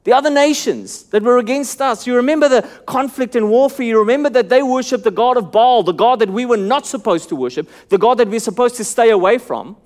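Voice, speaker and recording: A man preaching a sermon. He moves between calm Bible teaching and rising, pleading appeals, then drops almost to a hush. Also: very high voice, brisk, few pauses. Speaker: pastor.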